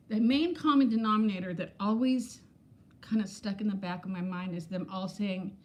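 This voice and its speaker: A woman's voice: medium pitch, moderate pace. A woman in her fifties chatting candidly on a casual livestream, rambling from thought to thought and greeting viewers by name. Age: 50s. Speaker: vlogger.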